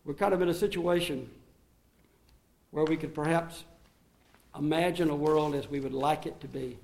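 Guy preaching a sermon, kinda high voice, gets loud then drops way down quiet. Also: fairly even intonation, moderate pace, creaky. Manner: preaching with rising emphatic bursts and quiet, low asides. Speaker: pastor.

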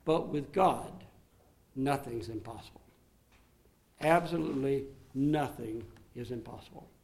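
A man preaching a sermon to his congregation, swinging between emphatic raised passages and quiet, low asides. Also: unhurried, creaky. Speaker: pastor.

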